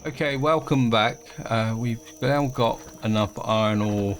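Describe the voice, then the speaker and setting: A man's voice: mid-range voice, unhurried, slight background noise. A man casually commenting on his own gameplay, thinking aloud as he plays. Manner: relaxed, thinking aloud while playing. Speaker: gaming video host.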